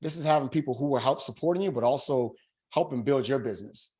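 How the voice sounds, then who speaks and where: A man coaching new real estate agents in a webinar course pitch, talking casually and emphatically and tagging his sentences with "right?". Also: fast, mellow. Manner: emphatic, slangy hype.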